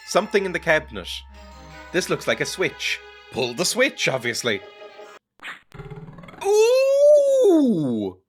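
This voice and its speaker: A let's-play gamer with a high-ish, sharp-toned male voice gives casual, sarcastic commentary as he plays a video game, joking and laughing a lot.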